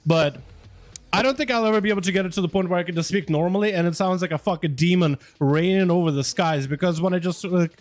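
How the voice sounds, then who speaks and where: A man's voice: high voice, fast. A young man chatting casually with viewers on a gaming livestream, loose and full of swearing. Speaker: gaming streamer. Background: faint music.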